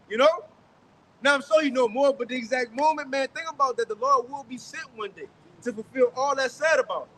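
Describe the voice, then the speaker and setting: A man's voice: extremely high pitch, fairly bright tone, a little hiss or hum, poor audio. A man leading a street teaching, explaining scripture emphatically and checking in with his listeners. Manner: emphatic, keeps asking "you got it?". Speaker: lead teacher. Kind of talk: street preaching, interpreting scripture.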